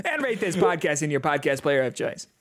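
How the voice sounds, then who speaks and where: A man doing a comic impression of a male comedian's quick patter while reading a podcast outro, pitched higher than his own voice. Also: big pitch swings. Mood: mock-announcing. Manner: halting, self-mocking, higher and brighter than his own voice.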